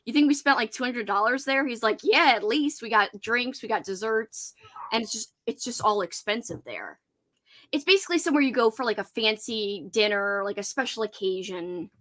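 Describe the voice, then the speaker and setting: A woman's voice: fairly high pitch, expressive, normal speed, a bit bright. A woman hosting a casual livestream hangout, chatty and giggly, reading out viewers' comments. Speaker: host. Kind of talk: casual livestream chat with guests.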